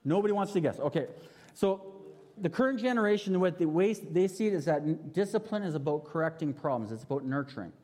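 Preaching with a fairly high, darkish, expressive voice at a brisk pace, a man in his thirties tells a story animatedly and questions his audience. The sermon is recorded with long hall reverb.

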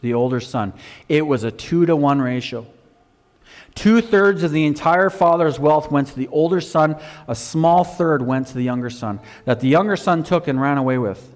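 A man preaching a sermon, telling a Bible story with animated emphasis, swinging from loud to quiet. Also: normal speed, in a large hall. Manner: animated storytelling, rising loud for emphasis then dropping low.

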